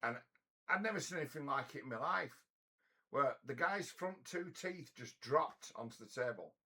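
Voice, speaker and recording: A middle-aged man rambles through a story, blunt and profane. His voice is gravelly and a little raspy, yet it carries a bright, forceful bite. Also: mid-range voice, lively intonation, moderate pace. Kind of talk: casual storytelling monologue.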